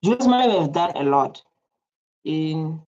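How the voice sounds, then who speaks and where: Reaction host: man, dark mellow tone, rambling delivery, coughing, dull lo-fi recording. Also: fairly high pitch, expressive, moderate pace. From South Africa. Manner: rambling, repeats phrases, frequent exclamations. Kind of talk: casual reaction commentary.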